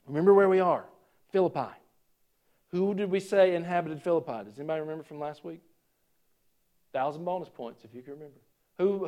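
A man's voice: on the high side, darkish tone. A male pastor preaching a conversational sermon, asking the congregation questions and adding joking asides.

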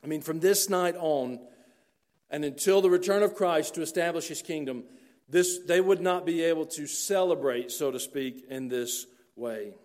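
Earnest preacher with a higher voice. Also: male voice, darkish tone. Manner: earnest, slows down for emphasis. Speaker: pastor. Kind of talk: sermon.

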